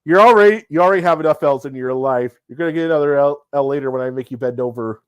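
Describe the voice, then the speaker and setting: A man's voice: on the high side, quick pace, clear, resonant tone, dry recording. A man hosting a casual show review chat, blunt and profane, retelling scenes as he goes. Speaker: podcast host.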